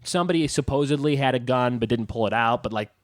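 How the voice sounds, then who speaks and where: A man's voice: medium pitch, fast talker, dry recording, clean studio sound. A man hosting a trivia podcast, telling stories in a rambling way with lots of fillers. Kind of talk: casual chat.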